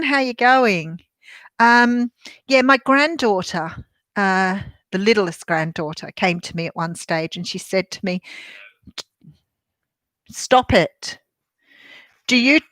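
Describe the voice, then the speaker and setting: A woman's voice: lowish voice, fairly bright tone, dry recording. An older woman with an Australian accent, a tarot reader and medium chatting casually on a live stream from a room at home. She rambles, with many ums and restarts.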